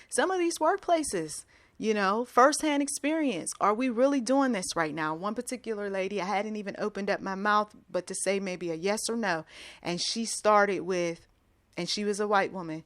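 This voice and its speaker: A woman's voice: medium pitch, no room sound, clean studio sound. A middle-aged woman hosting a Christian advice show, talking casually and emphatically, with many asides.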